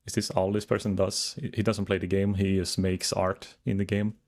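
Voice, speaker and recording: A man's voice: sits low, level tone, normal speed, darkish tone. A man chatting casually to his viewers while streaming a game, rambling as he browses and reads chat.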